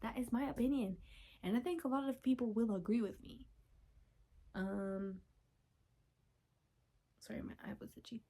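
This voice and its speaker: A woman's voice: a little high, moderate pace, long pauses, breathy edge. Young female podcast host, chatty and giddy, talking at home with whispered asides. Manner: gushing, chatty, with sudden whispers and excited squeals. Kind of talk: casual chat.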